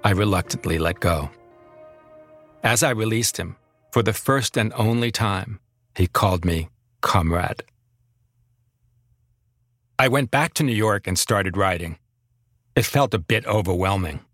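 A man narrating his own memoir as a podcast host, reflective and measured. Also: fairly low pitch, fairly bright tone, no room sound, studio quality, soft background music.

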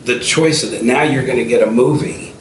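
A man's voice: mid-range voice, a little fast. Man in his fifties, distant roomy sound. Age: 50s. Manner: storytelling, frequent restarts and fillers. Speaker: entrepreneur guest. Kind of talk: casual interview talk. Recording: roomy and distant with faint noise.

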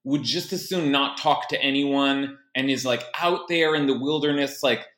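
A man's voice: mid-range voice, moderate pace, fairly bright tone, reverberant. A man co-hosting a casual podcast chat, rambling and hesitant, full of fillers and restarts. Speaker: podcast co-host.

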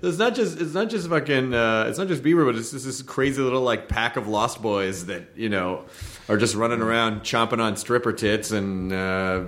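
A man co-hosting a casual podcast who keeps tossing in crude wisecracks and then moves into plain opinion. His voice is an ordinary middle pitch for a man, relaxed and conversational. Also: moderate pace, roomy sound. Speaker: co-host.

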